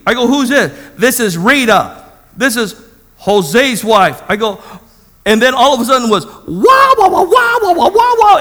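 Male preacher, high pitch, animated storyteller, reverberant hall. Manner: animated storytelling, acts out voices. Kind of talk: sermon testimony.

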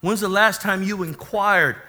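A man preaching a sermon who calls out to the congregation for amens and swings between quiet teaching and loud, rising exclamations. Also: sits high, steady tone, a little slow. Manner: call-and-response preaching, asks the congregation for amens.

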